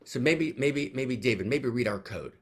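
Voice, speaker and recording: Lively, exuberant male teacher. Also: medium pitch, moderate pace. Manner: exuberant, repeats questions, peppers talk with "right?". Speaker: teacher leading an online gathering. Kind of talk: animated spiritual teaching talk.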